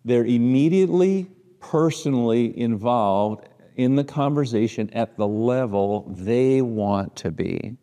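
A man's voice: mid-range voice, animated, unhurried, dark tone, long reverb tail. A middle-aged man with a Midwestern American accent teaching a church class, talking conversationally, posing rhetorical questions and often restarting his sentences.

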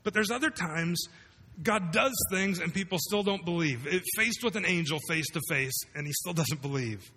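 A man's voice: on the high side, animated, normal speed, pushed and bright, long reverb tail. A man preaching a sermon to a room of listeners, conversational and full of rhetorical questions. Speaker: pastor. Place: large room with congregation.

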